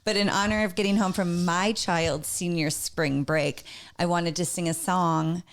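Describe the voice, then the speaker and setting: Playful woman podcast co-host, low voice. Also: fairly even intonation. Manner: playful, teasing, quick with jokes. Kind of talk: casual chat. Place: home studio.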